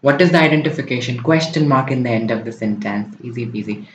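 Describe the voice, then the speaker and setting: A man's voice: mid-range voice, fast, a little hiss or hum. Man tutoring French in a roomy space. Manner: explains step by step, often checking in with "right?" and "okay?". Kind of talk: online exam-prep lesson. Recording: roomy, dull lo-fi recording.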